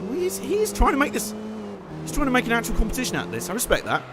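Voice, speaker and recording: A man giving joking, excitable live commentary while playing a racing game and chatting to his viewers. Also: extremely high pitch, quick pace. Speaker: streamer. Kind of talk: live let's-play commentary. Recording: game car noise underneath.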